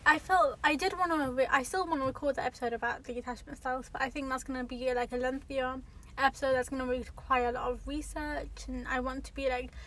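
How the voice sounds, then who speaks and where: Talking fast in a high-pitched, steady, fairly bright voice, a young woman records her solo podcast in a parked car at an airport car park. The recording is rough, faint airplane noise drifts in, and her casual chat rambles with lots of fillers and self-corrections.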